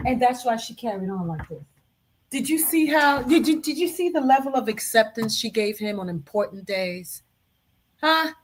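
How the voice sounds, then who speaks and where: A woman hosting a commentary show, reacting indignantly to video clips and repeating her points with big swings in pitch. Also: animated, normal speed, a little hiss or hum, rough recording.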